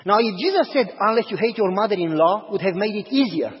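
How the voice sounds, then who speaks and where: High-voiced pastor preaching in a hall. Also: male voice, fast talker, husky. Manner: animated storyteller, acts out dialogue. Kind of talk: sermon with storytelling. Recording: dull audio, long hall reverb.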